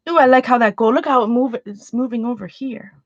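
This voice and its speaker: A woman's voice: a little high, brisk, no echo, highs cut off. Chatty Canadian woman streaming her art. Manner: chatty, rambling, restarts often. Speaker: art livestreamer. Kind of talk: casual livestream chat while making art.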